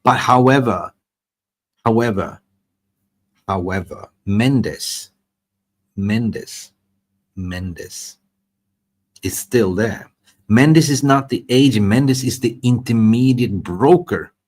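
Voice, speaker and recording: A man hosting a live football transfer show, excitable and rambling, repeating words for emphasis. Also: medium pitch, takes it slowly, pauses often. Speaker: host.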